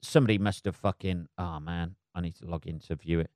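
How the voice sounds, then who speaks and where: A man's voice: low-pitched, steady tone, brisk, a little mellow, no room sound, clean studio sound. A man hosting a solo podcast, swearing constantly and rambling sarcastically. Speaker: podcast host.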